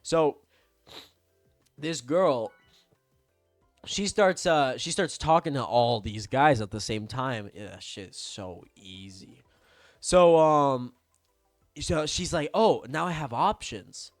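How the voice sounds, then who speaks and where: Young male vlogger, rants with a lively, swooping voice over faint music, dry close sound. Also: a little high, takes it slowly, long pauses, dry recording. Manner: profane, heated, swings from mutters to yelling. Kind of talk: ranting storytime.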